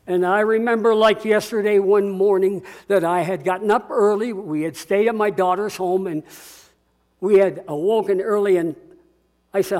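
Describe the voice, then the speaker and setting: An older man preaching a sermon as pastor, earnest and swinging between quiet reflection and rousing call-and-response. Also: high voice, moderate pace.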